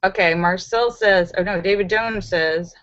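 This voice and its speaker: A woman's voice: mid-range voice, unhurried, fairly bright tone, no echo. A woman hosting a live stream, reading out viewer jokes and laughing at the punchlines. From Los Angeles. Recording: dull, dry home recording.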